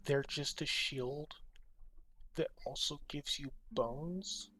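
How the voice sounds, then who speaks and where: A man casually commenting as he streams a card game, thinking aloud and sometimes dropping to soft near-whispers. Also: a little high, slow, faint music behind.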